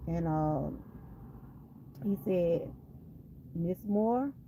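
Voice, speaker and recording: A vlogger from Georgia, USA, with a Southern accent gives an emphatic personal faith testimony, repeating phrases for weight. Her voice is warm and fairly low with drawn-out words, on a low-quality recording with a little hiss or hum.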